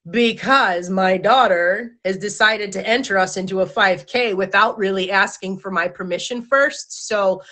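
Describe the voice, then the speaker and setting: A woman's voice: mid-range voice, pushed and bright. A woman hosting a live-stream talk show, chatty and giggly, stumbling over her words as she reads out viewer comments. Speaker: host.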